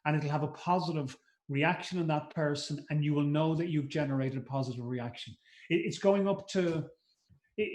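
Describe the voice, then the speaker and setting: A middle-aged male trainer with a fairly high voice, speaking conversationally to a conference audience. He repeats words as he thinks aloud and acts out short quotes. The room has a clear echo around him. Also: darkish tone. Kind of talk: live masterclass talk. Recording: roomy echo.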